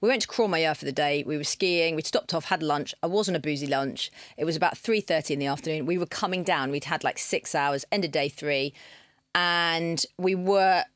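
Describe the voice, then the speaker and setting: A woman, a podcast guest telling stories in animated fashion, acting out quotes and swearing freely. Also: low voice, normal speed, no echo. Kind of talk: casual storytelling chat.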